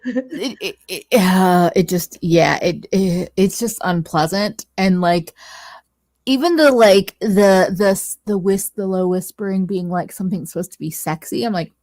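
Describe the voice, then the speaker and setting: A woman's voice: medium pitch, darkish tone, dry recording. A woman chatting casually with a friend. She starts over often, fills her talk with "like," and jokes around. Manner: halting, many restarts and "like"s, playful. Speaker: guest friend.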